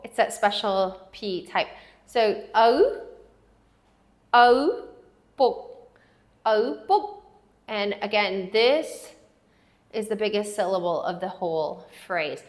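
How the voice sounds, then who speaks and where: Woman teaching slowly with careful repetition. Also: fairly high pitch, lively intonation. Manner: slow, careful repetition of words; writes on a board while explaining. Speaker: language teacher. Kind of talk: language lesson.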